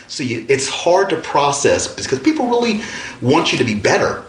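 A man, a pastor, speaking in a reflective, measured way during an interview. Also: medium pitch, big pitch swings. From Southern California. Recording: echoey room with ambient noise.

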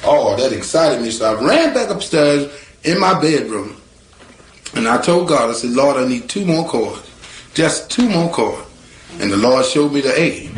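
A man telling a personal story in a casual, animated way, acting out the voices of the people in it. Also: mid-range voice. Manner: animated, acts out quoted voices, laughs. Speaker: storyteller guest. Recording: echoey room with guitar music.

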